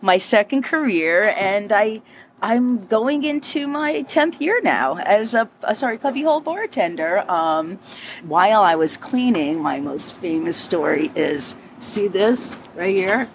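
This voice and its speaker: A middle-aged woman talks through her story in an interview, chatty and animated, breaking into laughter and tossing in quick asides. Her pitch sits in an ordinary middle range for a woman. The room has a faint hum of bar ambience behind her. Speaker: bartender telling her story. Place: inside a bar.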